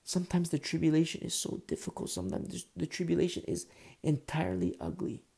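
A pastor delivers a sermon in an earnest, conversational way. His voice is heavily gravelly with a husky, mellow edge. He sometimes drops to a low, hushed tone to press a point. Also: big pitch swings, fast talker. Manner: earnest, conversational preaching, drops to a whisper at times.

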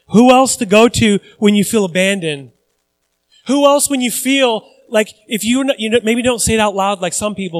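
A man's voice: high voice, rough recording. A male pastor preaching a sermon in a conversational way, repeating phrases for emphasis and acting out the voices of people he quotes.

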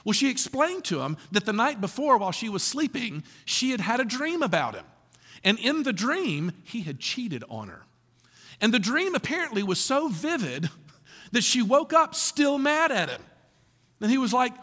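A man preaching a sermon to a congregation, animated and full of rhetorical questions, often laughing through his lines. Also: very high-pitched, normal speed, long reverb tail. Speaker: pastor.

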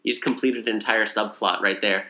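Low bright-voiced man recapping a movie. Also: a little fast. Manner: rambling, animated retelling with acted quotes. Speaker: podcast co-host. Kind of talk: casual movie recap chat.

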